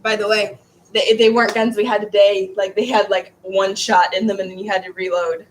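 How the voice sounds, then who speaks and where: A woman's voice: mid-range voice, little pitch movement, fairly quick, slight background noise, low-quality recording. A woman teaching a history class in a casual, rambling way, stumbling over words and restarting.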